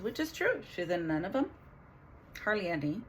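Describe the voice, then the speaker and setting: A middle-aged woman vlogging, telling a painful family story in an earnest, halting way with many restarts. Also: fairly low pitch, very animated, a little hiss or hum. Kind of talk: emotional personal storytelling.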